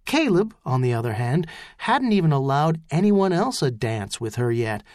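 A man giving scripted audiobook narration in an even, measured storytelling manner. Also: fairly high pitch, dry recording.

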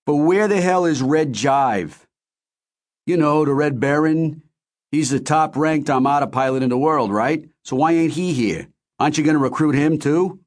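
A crude, loud-mouthed young pilot with a thick Philadelphia accent, as a male narrator voices him. He talks higher than the teller and throws out wisecracks in a storybook reading. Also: normal speed, close to an everyday voice. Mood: incredulous.

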